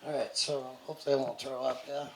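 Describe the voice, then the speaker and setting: A man telling his own recovery story to an audience, halting and self-deprecating, a little short of breath. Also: mid-range voice, level tone, gravelly, very noisy. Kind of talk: personal story told to an audience. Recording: echoey hall.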